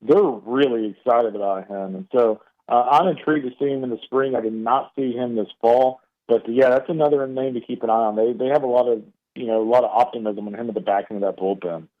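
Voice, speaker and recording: A man's voice: medium pitch, fairly quick. A man with an East Texas drawl, a baseball analyst giving radio interview commentary with loose, filler-heavy talk and frequent restarts. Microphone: phone call into studio. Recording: phone line.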